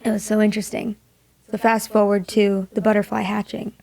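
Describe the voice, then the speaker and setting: A young woman from Maui, a singer-songwriter, telling a personal story in an interview, soft-spoken and dropping to a hush for quoted thoughts. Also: medium pitch, flat delivery, brisk, gravelly. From Maui, Hawaii.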